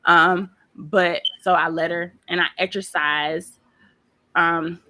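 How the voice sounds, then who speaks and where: A woman guest on a podcast, chatting casually and telling animated stories, often laughing. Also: fairly low pitch, takes it slowly, a little hiss or hum. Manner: lively storyteller, acts out quotes in voices; laughs often while talking. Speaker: guest, pastry chef.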